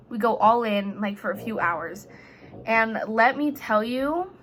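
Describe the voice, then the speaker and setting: A teenage girl rambles through a casual vlog with jokes and asides. Her voice is bright and sits a little high. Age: teens. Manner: chatty, jokey, rambling. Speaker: high school student vlogger.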